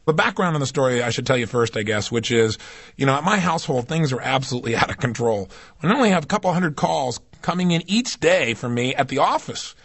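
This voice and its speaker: A male self-help speaker with a husky, breathy edge, talking in a fairly high register. He swings between quiet, confiding asides and forceful, rising emphasis as he teaches. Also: no room sound. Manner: emphatic, swings between low intimate asides and raised intensity. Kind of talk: recorded motivational lecture.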